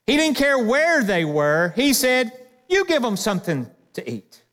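A man with a high voice preaches to his congregation. His talk is lively and full of quoted asides. His voice rings with a long reverb in a church sanctuary. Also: a little slow. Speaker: pastor. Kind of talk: sermon.

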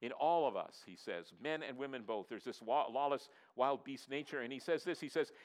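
A man, a pastor, preaching a sermon in an earnest, repetitive way, dropping his voice low for emphasis and asking the congregation to answer. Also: fairly quick. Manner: asks the audience to respond.

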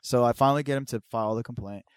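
A young man telling a story in casual chat, swearing a lot and acting out quotes with big jumps in pitch. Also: racing, clean tone, no echo.

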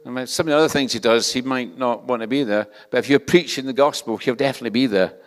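A man's voice: medium pitch, fast talker. Older Scottish male preacher, chatty and self-mocking, mid-range voice, long hall reverb. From Scotland. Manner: conversational, self-deprecating, with frequent restarts. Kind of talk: sermon.

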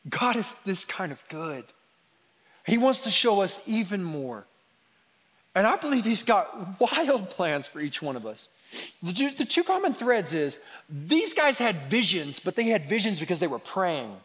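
A man preaching a sermon, telling stories about his children in a lively, animated way. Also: high-pitched, unhurried. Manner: animated storytelling, quoting his kids. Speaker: pastor. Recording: long hall reverb.

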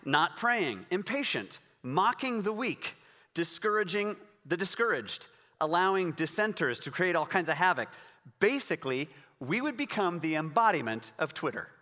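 A man's voice: high-pitched, sharp tone, big-room sound. A man preaching a sermon in a conversational, encouraging way, reading scripture and explaining it. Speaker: pastor.

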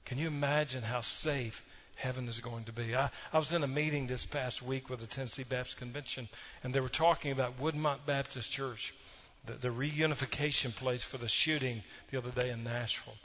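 A man's voice: mid-range voice, steady tone, brisk, hardly any pauses, a bit bright. A man preaching a sermon, telling folksy stories and tossing asides to the congregation. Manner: folksy storytelling with audience asides. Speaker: pastor.

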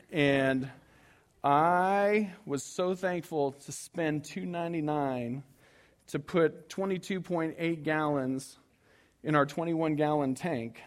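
A man preaches in a high, lively voice, spinning a self-deprecating story for his congregation. He acts out his own frantic moments and jokes with the people in the pews. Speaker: pastor. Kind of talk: storytelling sermon.

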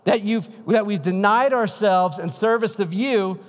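A man's voice: high voice, unhurried. Casual preaching man in a reverberant hall. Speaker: pastor. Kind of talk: sermon.

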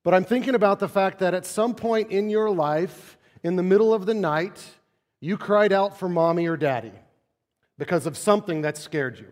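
A man, a pastor, preaching a sermon in a conversational way, dropping to soft low tones to stress a point. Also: moderate pace, in a large hall.

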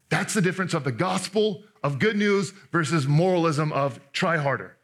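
A man preaching a sermon in an animated, conversational way, restarting often and acting out the people he quotes. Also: on the high side, normal speed. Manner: acts out quoted speakers in voices. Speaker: pastor.

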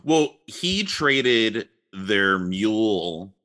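A man in casual chat, retelling a fairy tale playfully and acting out its characters in quick quotes. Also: on the low side, big pitch swings, bright, forceful tone.

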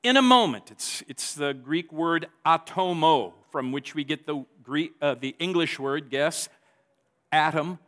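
A man's voice: on the high side, steady tone, slow pace, a bit bright. A man preaching a sermon, reading scripture aloud with emphasis and stumbling over restarts now and then. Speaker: pastor.

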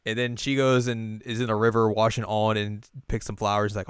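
Smooth-voiced young man recapping casually. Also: on the low side, level tone, dry recording, studio quality. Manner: retells scenes with quick acted quotes. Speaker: podcast co-host.

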